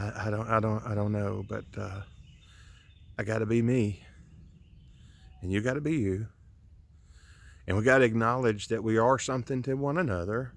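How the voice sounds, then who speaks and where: Filming himself outdoors on his property, a grieving man delivers an earnest, preachy personal message that keeps halting and restarting. His fairly low voice carries vocal fry, picked up by the camera he's recording with.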